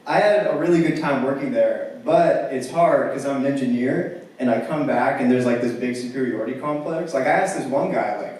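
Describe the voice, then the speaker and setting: A man's voice: medium pitch, a little fast, hardly any pauses, darkish tone. A young man doing a stand-up comedy set, telling stories in a wry, casual way with lots of "like". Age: young adult. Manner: casual, wry storytelling with filler "like". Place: campus theater stage before a live audience. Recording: very echoey hall from far off.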